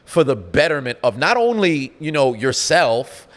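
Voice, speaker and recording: A man's voice: medium pitch, big pitch swings, measured pace, fairly bright tone, big-room sound. A man co-hosting a podcast, thinking things through aloud in casual talk. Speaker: podcast co-host.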